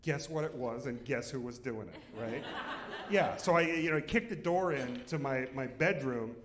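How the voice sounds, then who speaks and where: A man's voice: medium pitch, normal speed, reverberant, background noise. A man telling a comic story on stage at a live storytelling show, laughing through his own lines.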